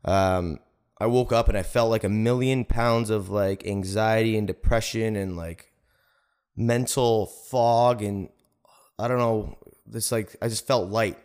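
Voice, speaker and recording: A man's voice: lowish voice, fairly even intonation, a little slow, darkish tone, smooth. A man guest on a podcast, telling a personal story in a rambling way, full of "like" and "right?". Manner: rambling, heavy use of "like" and "right?".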